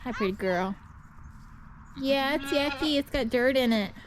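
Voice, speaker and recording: A goat farmer chats casually about goat care from a barn feed room, rambling a bit in a how-to farm vlog. Her voice is high and a little slow, with a crowd in the background and farm noise, including clucking chickens, on the recording.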